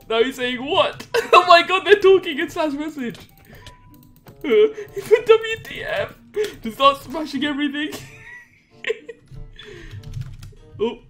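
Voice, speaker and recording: A young man giving excitable, laugh-filled commentary as he hosts a video of his own game prank. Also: very high-pitched, slow pace, long pauses. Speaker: Minecraft trolling video host. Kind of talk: casual gameplay commentary. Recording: faint music behind.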